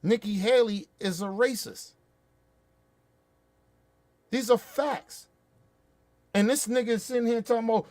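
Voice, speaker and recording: A man's voice: extremely high pitch, a little slow, pauses often, darkish tone, no echo. A man hosting a show, ranting about politics in a heated, profane way with angry bursts. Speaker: show host.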